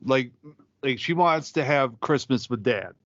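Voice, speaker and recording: A man's voice: medium pitch, lively intonation, unhurried, fairly bright tone, no room sound, dull audio. A man co-hosting a podcast, chatting casually in a laid-back, profane, bantering way. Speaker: podcast co-host. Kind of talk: casual comedic chat.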